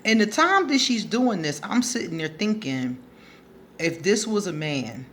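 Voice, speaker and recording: A woman's voice: medium pitch, very animated, measured pace, a little hiss or hum. A woman vlogging advice, telling a story in a blunt, profane way and laughing often as she goes. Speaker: advice vlogger answering a subscriber. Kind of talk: casual storytelling monologue.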